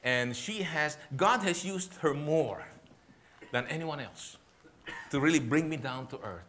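A middle-aged pastor, preaching in an animated, humorous way and laughing often. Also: male voice, on the high side, a little slow, a little hiss or hum. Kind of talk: sermon talk with humor.

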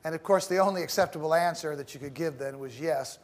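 A middle-aged man giving a classroom lecture, speaking in a measured, deliberate way with pauses and the odd repeated word. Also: fairly high pitch. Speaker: teacher.

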